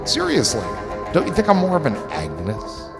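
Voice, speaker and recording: Gravelly, animated man rambling on a stream. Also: fairly high pitch, moderate pace, in a large hall, music in the background. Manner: rambling, joking, swearing. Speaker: livestream host. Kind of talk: casual chat.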